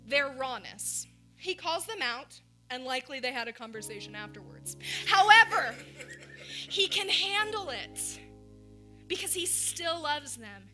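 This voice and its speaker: A woman with a high, bright-pitched voice preaches in a church, chatty and emphatic, leaning hard into the drama of the story. Music plays softly underneath her. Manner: animated, emphatic storytelling with casual asides. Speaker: pastor. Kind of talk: conversational sermon.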